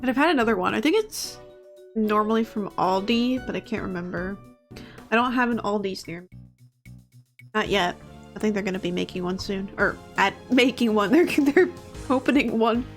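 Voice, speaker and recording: A woman's voice: mid-range voice, normal speed. A woman with a Southern US accent chatting casually as a streamer, rambling and laughing often. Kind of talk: casual gameplay commentary. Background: game music.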